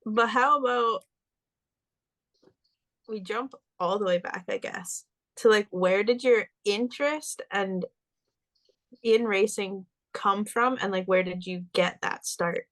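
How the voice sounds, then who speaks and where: Relaxed giggly woman co-host. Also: mid-range voice, slow, long pauses. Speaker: podcast co-host. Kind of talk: casual podcast chat.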